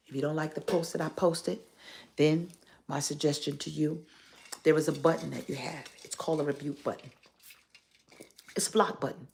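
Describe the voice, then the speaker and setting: A woman's voice: deep voice, fairly even intonation, moderate pace, gravelly, darkish tone. A woman pastor, giving playful, exhorting church announcements on a phone live stream and dropping into whispers now and then.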